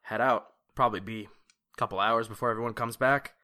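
A man voicing a young male soldier lieutenant, an easygoing leader who talks in a relaxed, friendly way. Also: on the low side, a little fast.

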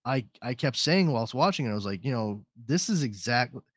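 A man's voice: mid-range voice, a little fast, dry recording, clean studio sound. A man hosting a podcast in casual chat, rambling and swearing freely. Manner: rambling, profane, animated. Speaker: podcast host.

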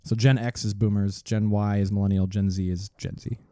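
A man in his twenties chatting casually with friends, quick with sarcastic jokes. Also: on the low side, little pitch movement, warm tone, no echo, clean studio sound. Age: 20s. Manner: sarcastic, joking. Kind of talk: casual chat.

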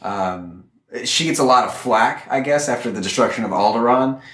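A man co-hosting a podcast, explaining things in a measured, knowledgeable way during casual chat. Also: medium pitch, fairly bright tone. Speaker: podcast co-host. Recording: echoey room.

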